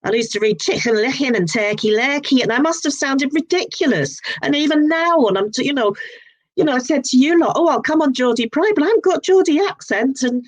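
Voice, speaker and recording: A woman in her sixties with a southern English accent, chatting as a guest author in a relaxed interview, rambling and restarting her sentences often. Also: high voice, a little fast. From southern England. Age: 60s. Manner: rambling, frequent restarts and repeated words. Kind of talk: casual interview chat.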